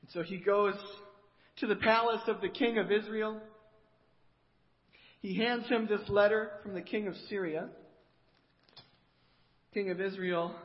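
A male preacher with a high voice animatedly retells a story, pausing to put questions to his listeners. His delivery is a storytelling sermon. The sound is dull and carries a long church-hall reverb.

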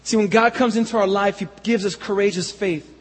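A man's voice: sits high, fairly even intonation, brisk, breathy edge. A man preaching a sermon as pastor, earnest and building to fervent appeals to the congregation. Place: church sanctuary. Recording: echoey hall with long reverb.

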